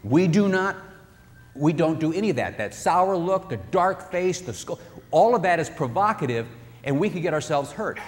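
A man preaching on marriage in a lively, animated way, slipping into the voices of husbands and wives. His voice sits a little high for a man. It rings out in a reverberant hall over a faint hum of room ambience. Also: normal speed. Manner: animated, acts out spouses' voices. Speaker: marriage speaker. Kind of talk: sermon-style talk.

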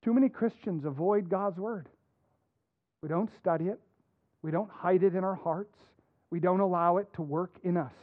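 A man preaching a sermon as a pastor, earnest, dropping soft and then rising to emphatic points. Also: high-pitched, normal speed, dry recording. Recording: dry phone-like narrow sound.

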